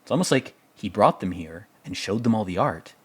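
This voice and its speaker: A man with a fairly low voice talks through a movie in loose, rambling commentary. He swears freely, stays sarcastic and keeps circling back on his own points. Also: expressive, a little fast, breathy edge. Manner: rambling, profane and sarcastic, often laughing. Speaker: podcast host reviewing a film. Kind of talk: casual film commentary.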